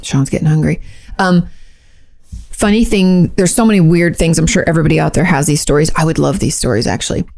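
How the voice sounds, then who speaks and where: A woman hosting a casual chat show, chatty and expressive, laughing easily. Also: low voice, creaky. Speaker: host.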